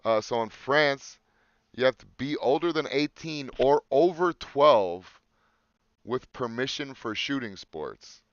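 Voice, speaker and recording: A man's voice: medium pitch, animated, slow pace, clean tone, no echo, highs cut off. A man co-hosting a casual podcast, joking crudely and reading facts aloud off a screen. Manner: crude, joking, swears freely. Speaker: podcast co-host.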